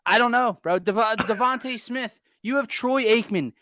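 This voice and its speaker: A young man rants about his team with exasperated, sarcastic energy. His voice sits high and sounds bright and edgy. The recording is dry and close. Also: moderate pace, no room sound. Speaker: podcast host. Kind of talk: casual sports talk.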